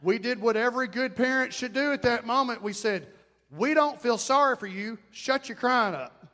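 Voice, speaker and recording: A middle-aged pastor preaches with folksy emphasis, swinging from loud calls down to low asides. His voice sits high for a man. The church sanctuary gives it a long, trailing reverb. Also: expressive, normal speed. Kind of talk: sermon.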